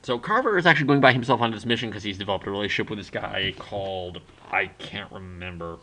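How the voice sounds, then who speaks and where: A man's voice: lowish voice, fast, pushed and bright. A young man casually retelling a book's plot for a review, rambling with lots of "like" and acting out the characters' lines. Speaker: book reviewer.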